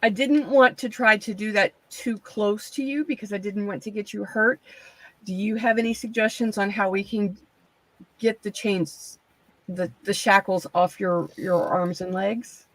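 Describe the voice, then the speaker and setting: A woman voicing Marwyn, a polite and careful adventurer who speaks in a gentle, considerate way during a tabletop game. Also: mid-range voice, steady tone, measured pace, dry recording, close to an everyday voice, low-quality recording. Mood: concerned.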